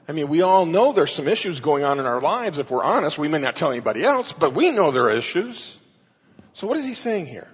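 A man's voice: fairly high pitch, sing-song, fairly quick, slightly rough. A man preaching a sermon, teaching through Bible verses with emphatic stress. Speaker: pastor. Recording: muffled sound with long hall reverb.

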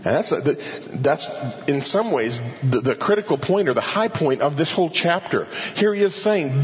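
A man's voice: a little high, animated, normal speed, in a large hall, muffled recording. A man preaching a verse-by-verse sermon in a conversational way, often repeating phrases and asking and answering his own questions. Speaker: pastor. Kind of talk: expository sermon.

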